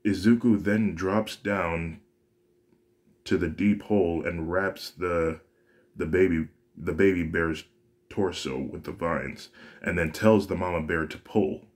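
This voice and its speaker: Deep voiced guy reading out a fan story, casual, keeps correcting himself. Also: steady tone, slow. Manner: casual, with frequent restarts and self-corrections. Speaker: story reader.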